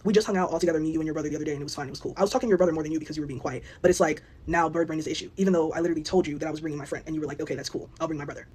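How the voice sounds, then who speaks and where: A young woman telling a storytime vlog, animated and indignant. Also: sits low, racing, few pauses, slightly rough. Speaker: vlogger. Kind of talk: storytime monologue.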